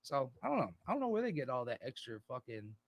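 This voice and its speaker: A man's voice: mid-range voice, wildly swooping pitch, quick pace, no echo. A man co-hosting a podcast in casual chat, rambling and swearing freely. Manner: rambling, profane, slips into put-on voices. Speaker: podcast co-host.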